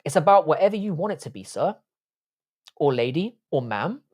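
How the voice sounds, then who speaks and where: A man's voice: on the high side, big pitch swings, normal speed, darkish tone. A young English man with an English accent, hosting a livestream and chatting bluntly with swearing while reading viewer comments. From England. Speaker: livestream host.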